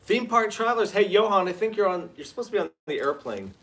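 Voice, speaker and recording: A man's voice: high-pitched, big pitch swings, fast, a bit bright. A man hosting a casual livestream from a garage, greeting viewers by name in an upbeat way. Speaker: livestream host.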